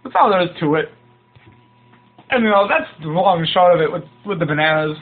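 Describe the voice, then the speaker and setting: A man telling a rambling, deadpan comic story. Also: fairly high pitch, a little fast. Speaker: comedy podcast guest doing bits. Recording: tinny phone-like sound.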